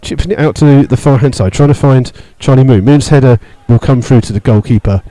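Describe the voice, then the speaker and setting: A man giving live radio football commentary from the stand, steady play-by-play with many fillers, rising sharply when he disputes a call. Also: mid-range voice, brisk, low-quality recording. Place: stadium stand among fans.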